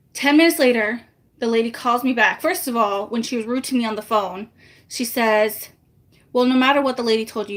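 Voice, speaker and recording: A woman's voice: on the high side, a bit bright. A woman vlogger chatting casually to live viewers, animatedly retelling a frustrating phone dispute and acting out both sides of the calls. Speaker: family vlogger.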